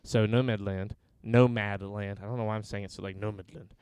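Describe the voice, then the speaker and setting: Clear-voiced man reading film synopses. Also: on the low side, fairly even intonation, rapid-fire, darkish tone, no room sound. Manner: rambling, dry sarcastic asides. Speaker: podcast co-host. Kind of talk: casual podcast chat, reading film synopses aloud.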